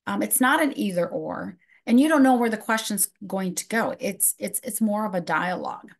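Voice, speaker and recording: A middle-aged woman hosting a live online webinar, reading questions from the chat and answering them in a loose, conversational way. Her voice sits at an average pitch for a woman. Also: moderate pace, creaky. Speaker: webinar presenter.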